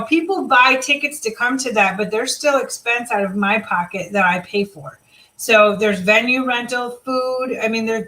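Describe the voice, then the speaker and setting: A woman's voice: a little high, pushed and bright, poor audio. A woman leading a live team video chat, talking casually and motivationally, rambling with fillers and restarts. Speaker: team leader.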